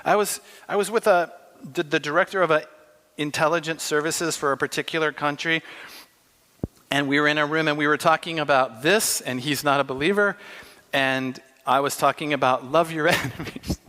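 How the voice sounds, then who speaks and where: A man's voice: fairly high pitch, fairly even intonation, normal speed, bright, forceful tone. A man preaching a sermon in an impassioned, emphatic way, acting out dialogue. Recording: long hall reverb.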